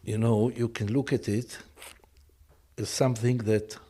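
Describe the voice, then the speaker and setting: A man's voice: mid-range voice, fairly even intonation, a little slow, warm tone, breathy edge. A man speaking as an interview guest, hesitant and searching for his words.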